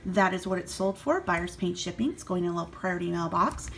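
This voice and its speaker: A woman's voice: fairly low pitch, expressive, a little fast, creaky, a little hiss or hum. A woman chatting casually in a vlog about her reseller sales, rambling a little and using fillers, recorded in a home basement. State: out of breath. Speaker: vlogger and eBay reseller.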